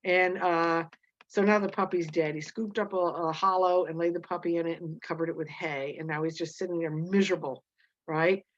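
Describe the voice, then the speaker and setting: A woman teacher explaining a novel chapter and reading passages aloud, halting with many fillers and restarts. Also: lowish voice, steady tone, dull audio.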